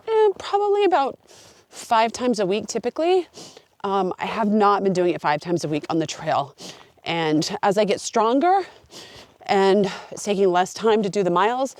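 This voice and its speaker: Woman, mid-pitch, earnest trail vlogger, close dry sound outdoors. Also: darkish tone, dry recording. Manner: earnest, open and heartfelt. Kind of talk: reflective talk to camera.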